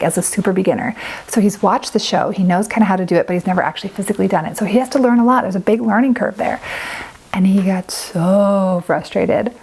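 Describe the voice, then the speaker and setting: Warm young woman giving chatty parenting advice. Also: mid-range voice, husky, low-quality recording. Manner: chatty, earnest, many filler "like"s. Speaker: parent vlogger. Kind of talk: casual parenting advice talk.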